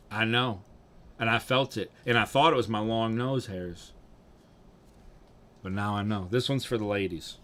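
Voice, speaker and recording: Profane, lively-voiced male streamer. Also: mid-range voice. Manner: profane, rambling, swinging between loud and mumbled. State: drinking. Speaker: livestreamer. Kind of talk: casual livestream chat.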